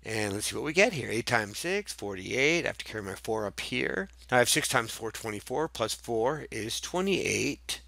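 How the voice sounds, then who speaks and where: A man teaching a math review for children, joking and bantering along the way. His voice sits at an ordinary pitch with a gravelly rasp. The sound is dry and close, with no room echo. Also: expressive, normal speed, few pauses, sharp tone. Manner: playful, jokey, chatty with a toy hippo, sing-song exclamations. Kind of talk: lively math lesson for children.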